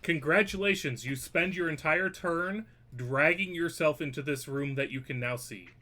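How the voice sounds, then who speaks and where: A man's voice: a little high, moderate pace, pushed and bright. A man acting as game master, joking and hedging as he runs a tabletop game online, swearing now and then.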